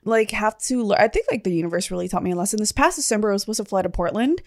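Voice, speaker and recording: A woman's voice: racing, no room sound, studio quality. A woman in casual chat, animatedly telling a story and acting out the people in it. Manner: animated storyteller, acts out quoted voices with big pitch jumps.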